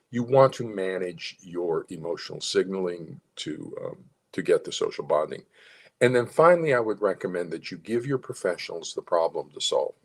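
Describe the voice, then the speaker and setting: A man's voice: lowish voice, husky. A man lecturing parents as a psychologist, rambling at times and stopping to demonstrate tones of voice. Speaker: psychologist giving advice to parents. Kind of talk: talking-head lecture.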